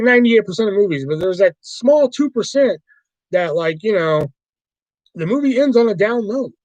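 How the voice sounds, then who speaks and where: A man's voice: high voice, a little mellow, no room sound, muffled recording. A man hosting a livestream, chatting casually about movies in a rambling, profane way. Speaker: livestream host.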